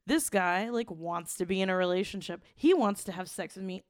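A young woman co-hosting a podcast, telling a raunchy story in blunt, profane, animated casual talk. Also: mid-range voice, brisk, dry recording, clean studio sound. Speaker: podcast co-host.

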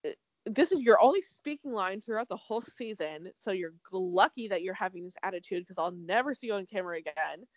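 A young woman co-hosting a casual podcast, recapping a reality show in an animated, swearing way. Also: medium pitch, fairly quick, dry recording, rough recording. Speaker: podcast co-host.

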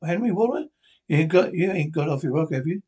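A skeptical, disbelieving friend. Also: male voice, a little high, expressive, a little fast, darkish tone, breathy edge. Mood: incredulous. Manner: skeptical, incredulous questioning. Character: doubtful middle-aged male friend, startled and curious. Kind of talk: 1950s radio drama acting.

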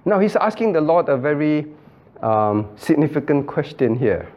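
A male pastor leads a Bible study, his fairly high voice swinging widely in pitch as he questions listeners by name. He repeats key phrases and slips into the voices of the people he quotes. The recording is muffled and lo-fi. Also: big pitch swings, normal speed. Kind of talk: interactive Bible study teaching.

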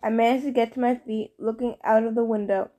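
A woman narrating a first-person audiobook, lively and expressive. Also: fairly high pitch, brisk.

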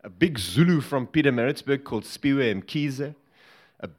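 A man's voice: mid-range voice, moderate pace. A man from Africa, a former bodyguard telling a humorous story to a live audience and laughing along with it. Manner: lively and humorous, laughing at his own story.

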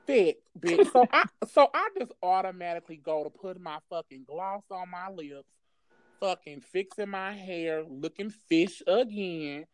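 A woman's voice: fairly low pitch, a little slow, no echo. Woman spilling a crazy story to her friend, swears constantly, laughs a lot, dry close sound. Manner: profane, animated, laughs often. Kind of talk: casual storytelling chat.

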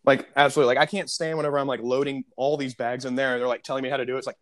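A young man casually telling a story on a podcast, animated, acting out the people in it. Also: medium pitch, very fast, few pauses. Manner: animated storyteller, mimics customers.

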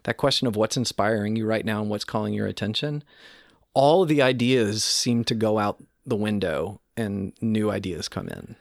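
A man's voice: lowish voice, moderate pace, gravelly, dry recording, studio quality. A man hosting a podcast interview in a casual, explaining way, counting out beats and laughing easily. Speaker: podcast host.

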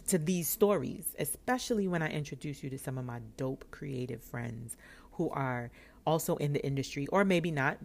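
A woman in her thirties from New York, hosting a podcast and telling a personal story, acting out the dialogue with laughs. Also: deep voice. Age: 30s. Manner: animated, acts out dialogue with laughs. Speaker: podcast host.

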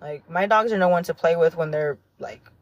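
A woman hosting a solo podcast, talking earnestly and heartfelt in a rambling way, full of "like" and soft laughs. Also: lowish voice, normal speed, muffled recording. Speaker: podcast host. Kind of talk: reflective solo podcast monologue.

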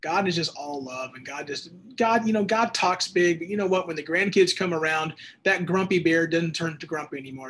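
A man teaching the Bible on a call-in show, moving between relaxed chat and fervent emphasis. His voice sits a touch high for a man. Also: a little fast, few pauses, slight background noise. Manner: conversational, with bursts of emphatic preaching. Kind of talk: radio Bible teaching with listener texts.

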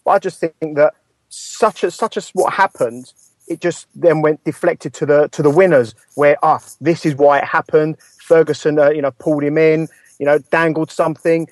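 A man's voice: fairly high pitch, fairly even intonation, normal speed, darkish tone, no echo. A man, a Manchester United fan, giving a thoughtful, hedging take in a casual podcast chat.

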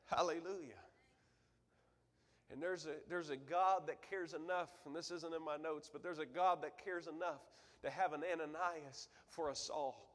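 Fervent preacher in a church hall. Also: male voice, on the high side, fairly even intonation, moderate pace. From Michigan, USA. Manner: fervent preaching that swings from loud exhortation to quiet storytelling. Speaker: guest preacher. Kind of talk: sermon. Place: church sanctuary.

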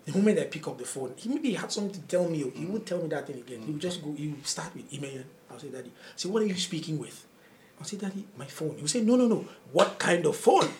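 A man's voice: on the high side, fast, background noise. A man, a comedian telling stories in casual chat and acting out what people said, often laughing. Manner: animated storyteller acting out quotes, laughing often. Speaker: comedian guest.

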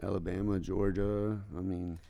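A man in his thirties co-hosting a casual podcast chat, an animated storyteller who laughs a lot. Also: sits low, moderate pace, gravelly, no echo. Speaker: podcast co-host.

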